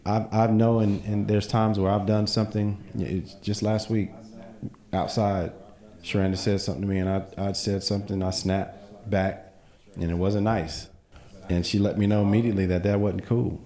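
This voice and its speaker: A man's voice: on the low side, flat delivery, moderate pace, mellow, echoey room. A man co-hosting a casual podcast conversation, telling earnest stories and speaking about his faith. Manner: earnest storytelling with faith talk. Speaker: podcast co-host.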